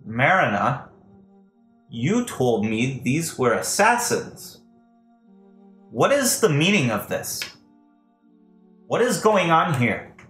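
A man's voice: mid-range voice, very animated, slow pace, pauses often, a bit bright, voice pushed up. A man voicing a young storm giant queen, female, who talks in a commanding, demanding way. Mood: suspicious. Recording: echoey room, faint music.

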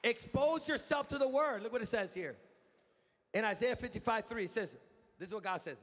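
A male pastor preaching a sermon to a congregation, building to loud shouted calls and asking the crowd to answer back. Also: high-pitched, expressive, brisk, long reverb tail. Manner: preaching with rising shouts and call-and-response. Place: church sanctuary.

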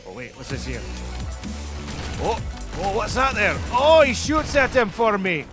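A man hosts a game stream, chatting casually and excitedly calling out whatever he spots. His voice sits a touch high and swings widely in pitch. Clear game music plays behind him. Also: a little slow, pauses often. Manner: excitable, exclaiming questions about the screen. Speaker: streamer host. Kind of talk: casual gameplay chat.

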